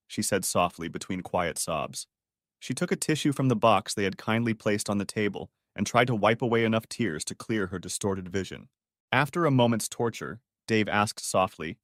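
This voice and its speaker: A man's voice: lowish voice, normal speed, dry recording, clean studio sound. A man narrating a dramatic story as an audiobook reader. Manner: expressive storytelling.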